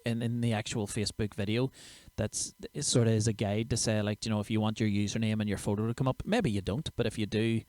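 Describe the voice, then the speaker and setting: A man's voice: on the low side, fairly even intonation, fast, hardly any pauses, darkish tone, dry recording. A man, a comedian chatting casually and sweary on his own livestream show. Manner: chatty, sweary, self-mocking. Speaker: comedian and podcast host.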